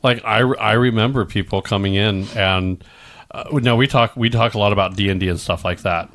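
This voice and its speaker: Rambling Midwestern man, low voice. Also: normal speed, fairly bright tone. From American Midwest. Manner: rambling, restarts often, slips into goofy put-on voices. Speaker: podcast co-host. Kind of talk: casual chat.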